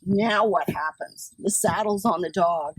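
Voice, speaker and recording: A woman reading a picture book aloud to children outdoors at a farm, pausing to chat with the kids. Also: fairly low pitch, poor audio. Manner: slow, gentle, talks to the kids between pages. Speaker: children's storytime reader. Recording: camera set back, faint outdoor noise with insects.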